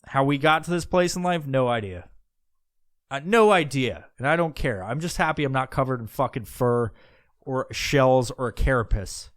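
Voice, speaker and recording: Podcast host, male, smooth clear voice, close dry mic, rambling and profane. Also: mid-range voice, expressive, normal speed, no room sound. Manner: rambling, profane, with many restarts. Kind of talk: casual rambling monologue.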